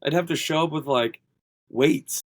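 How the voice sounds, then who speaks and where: A strongman athlete guesting on a podcast tells stories casually in a fairly high, somewhat slow voice, rambling, heavy on fillers, and quoting what people said to him. The recording is rough, with no room sound.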